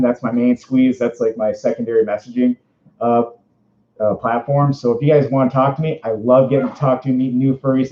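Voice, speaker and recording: Rambling bubbly man with a Minnesota accent. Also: medium pitch. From Minnesota, USA. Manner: rambling, bubbly, laughs often. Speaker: livestream interviewer and host. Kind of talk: casual livestream chat. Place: indoors, speaking from inside a fursuit. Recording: roomy, dull lo-fi stream audio.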